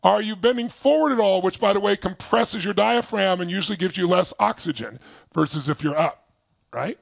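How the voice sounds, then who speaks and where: Gravelly, husky man coaching with energy. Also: high voice, moderate pace, dry recording. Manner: energetic, emphatic, fires questions at the audience. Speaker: motivational speaker. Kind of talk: live online seminar coaching. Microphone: speaking to camera for remote viewers.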